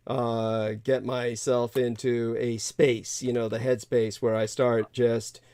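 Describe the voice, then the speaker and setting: A man hosting a livestream in casual talk, halting, with many fillers, restarts and soft laughs. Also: medium pitch, level tone, clean tone, dry recording. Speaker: livestream host.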